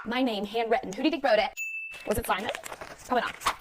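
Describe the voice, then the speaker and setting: Bubbly high fast-talking woman. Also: very noisy. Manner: bubbly, gushing, thanks brands. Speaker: beauty influencer. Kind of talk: fast PR unboxing vlog.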